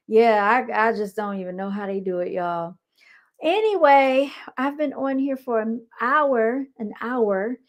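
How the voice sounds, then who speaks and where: A woman hosts a casual livestream, reacting to clips with blunt, animated commentary. Her voice sits in a middle register, and she talks straight to her viewers with lively ups and downs. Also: medium pitch. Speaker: livestream host.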